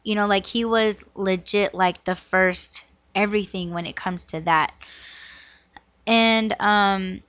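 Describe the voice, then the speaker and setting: A woman's voice: medium pitch, steady tone, slow, fairly bright tone, dry recording. A woman in her thirties hosting a podcast, telling a personal story in a frank, casual way, peppered with "like" and "you know" and swearing. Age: 30s. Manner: heavy use of "like" and "you know", frank and profane. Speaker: podcast host.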